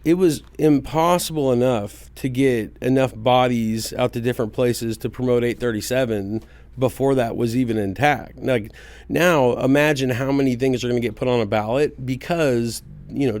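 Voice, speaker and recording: A man's voice: medium pitch, normal speed, darkish tone. A man co-hosting a podcast, laid-back and profane, joking in casual banter. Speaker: podcast co-host. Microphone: studio podcast mic.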